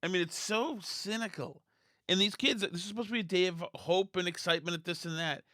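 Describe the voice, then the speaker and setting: A man hosts a political podcast and rants in a blunt, scornful way, often restarting his sentences. His voice sits fairly high and has a bright, sharp edge. The sound is dry and close to the mic. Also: fairly quick, dry recording. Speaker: podcast host.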